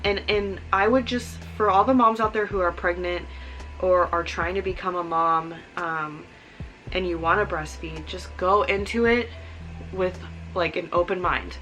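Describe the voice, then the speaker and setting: Earnest young mom vlogger, bright voice. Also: female voice, fairly low pitch, moderate pace, soft background music, rough recording. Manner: earnest, rambling with many "like"s and "um"s. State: emotional, near tears. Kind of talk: casual heartfelt vlog talk.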